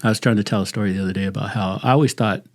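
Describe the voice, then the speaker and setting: A retired sheriff's deputy, a middle-aged man with a Southern Californian accent, tells profane anecdotes in casual talk, laughing as he goes. His voice is lowish with vocal fry, his tone steady, and he speaks very fast.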